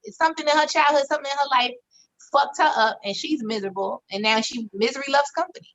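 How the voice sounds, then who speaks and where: A woman's voice: high voice, fast, fairly bright tone, lo-fi sound. A woman co-hosting a podcast, making her points in a blunt, emphatic way. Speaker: podcast co-host. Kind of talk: casual chat.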